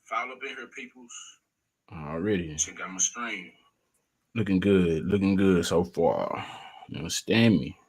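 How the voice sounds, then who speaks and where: A man's voice: low-pitched, lively intonation, measured pace, long pauses, husky. A man hosting a casual live stream, talking in loose slang and greeting viewers by name as they join.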